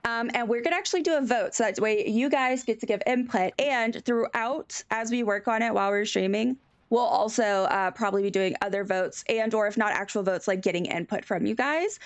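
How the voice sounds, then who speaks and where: A woman streamer chatting casually on a live stream, animated and giggly. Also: on the high side, a little fast, dry recording.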